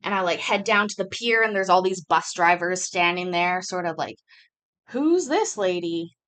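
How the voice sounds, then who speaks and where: A woman's voice: lowish voice, flat delivery, a little fast, bright, forceful tone, clear, resonant tone. A woman hosting a live chat show, telling work stories in a candid, casual way, swearing freely and using many fillers. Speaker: livestream show host.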